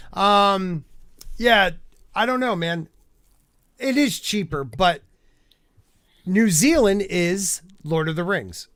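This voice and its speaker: A man's voice: high-pitched, a bit bright, no echo, clean studio sound. A man hosting a casual podcast panel chat, blunt and profane, who keeps tripping over words as he reads aloud. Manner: stumbles over words while reading aloud. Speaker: podcast host.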